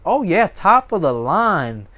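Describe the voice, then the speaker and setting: Boastful homeowner played by a man, giddy, exaggerated, high squealing voice. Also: very animated, takes it slowly, pushed and bright, heavily acted. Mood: bragging. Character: boastful man showing off unused mower.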